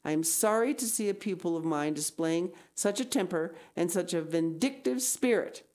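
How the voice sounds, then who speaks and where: A woman's voice: lowish voice, moderate pace, a little mellow, voice pushed up, lightly acted. A woman reading aloud, voicing a stern, pompous male schoolteacher who scolds in a solemn tone.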